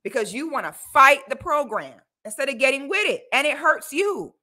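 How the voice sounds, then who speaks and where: Blunt, animated woman livestream host. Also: high voice, normal speed. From Florida, US. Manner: blunt, animated, loud exclamations. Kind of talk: casual commentary livestream.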